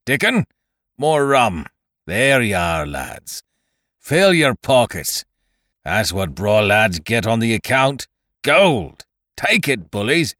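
A brutal pirate leader growls and roars his threats, voiced by a man reading a story aloud. The voice sits very low yet swings widely in pitch, with a bright, forceful edge. The delivery is slow and heavy. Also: expressive, no room sound, studio quality, exaggerated voice. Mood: roaring. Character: brutal, bruised male pirate leader, gruff and menacing. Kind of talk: audiobook character voice.

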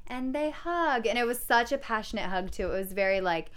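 A woman's voice: fairly high pitch, animated, a little fast, a bit bright, clear, resonant tone. A young woman co-hosting a podcast, recapping a TV episode in casual chat and acting out quoted lines in playful voices.

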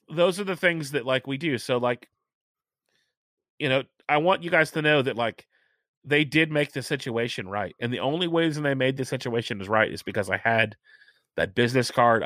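A middle-aged man hosting a casual chat, talking chattily and stressing key points by slowing down. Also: medium pitch, a bit bright, dry recording, clean studio sound. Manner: chatty, emphatic, repeats points slowly for stress.

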